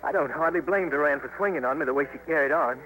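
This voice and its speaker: A folksy backwoods trapper. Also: male voice, fairly high pitch, fast talker, pushed and bright, rough recording. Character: earnest young Southern backwoods trapper. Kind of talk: 1950s radio drama acting. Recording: hissy 1950s radio broadcast.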